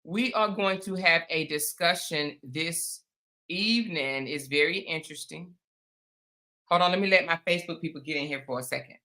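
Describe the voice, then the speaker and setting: Woman livestream host, bright voice, chatty and familiar, greets viewers by name. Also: sits low, normal speed. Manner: chatty, greets viewers by name, calls them y'all and honey. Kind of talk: casual live-stream chat with viewers.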